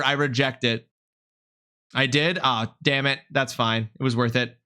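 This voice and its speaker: A man live-streaming, chatting with his viewers in a lively, mock-indignant way and swearing freely. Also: medium pitch, unhurried, smooth. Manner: animated, mock-indignant, swears freely, talks straight to chat.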